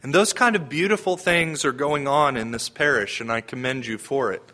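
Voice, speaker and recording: A man's voice: mid-range voice, moderate pace, pushed and bright. A man giving a homily in a conversational preaching manner, asking the congregation questions. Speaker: priest.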